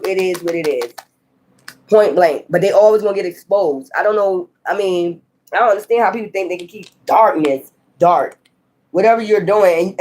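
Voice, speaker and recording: A woman's voice: mid-range voice, darkish tone. Blunt, cursing woman tarot reader. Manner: blunt, profane and scolding, with frequent laughs. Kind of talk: casual tarot reading.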